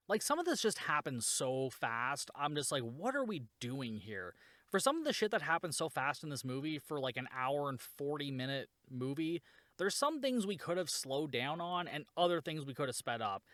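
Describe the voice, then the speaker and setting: A man's voice: a little high, sing-song, moderate pace, fairly bright tone, dry recording, studio quality. A man hosting a podcast, casually recapping a shark movie with sarcasm, swearing and lots of "like.".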